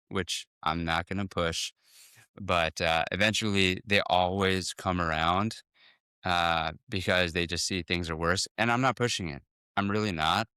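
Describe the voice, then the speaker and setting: Man, low pitch, clear smooth voice, dry sound, quick restarts. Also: bright, forceful tone, no echo. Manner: fast, full of restarts, acts out patient talks. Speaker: dentist guest. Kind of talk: casual podcast interview.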